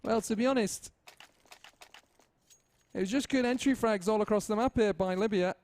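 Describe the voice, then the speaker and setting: A man voicing an invented second esports caster, a color commentator with a higher put-on voice and a put-on accent. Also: moderate pace, darkish tone, lightly acted. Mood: analytical.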